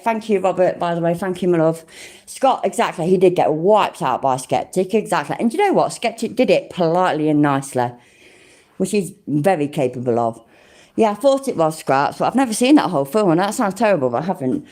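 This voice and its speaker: Woman, 40s, livestream host; low, warm, very lively pitch, blunt and sweary. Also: a little fast. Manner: swears a lot, exclaims loudly, reads chat aloud. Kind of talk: casual livestream chat.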